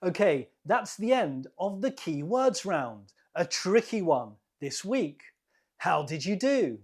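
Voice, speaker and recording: A British woman leads an English quiz, stretching each word out at a very slow, careful pace. Her voice has a breathy, slightly husky edge, and her pitch moves up and down a lot as she repeats answers for learners. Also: sing-song, a little mellow. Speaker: English teacher hosting a quiz. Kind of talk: slow, clear quiz teaching.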